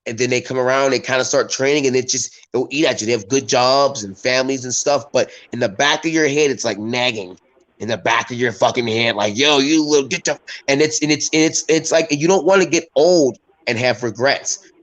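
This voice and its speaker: A man's voice: medium pitch, brisk, a bit bright, poor audio. A man who fights professionally, chatting on a podcast over a video call, rambling and swearing with lots of fillers. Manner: rambling and profane, heavy fillers. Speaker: professional MMA fighter guest. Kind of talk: casual podcast chat.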